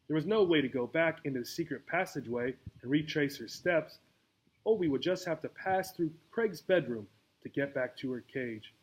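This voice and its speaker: A man's voice: a little high, animated, moderate pace, breathy edge. Man reading a children's book aloud. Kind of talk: storybook read-aloud.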